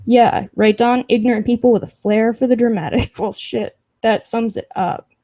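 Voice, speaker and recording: A woman's voice: fairly high pitch, steady tone, moderate pace, mellow. A young woman hosting a casual livestream, reading chat comments aloud with sarcastic, profane asides and frequent laughs.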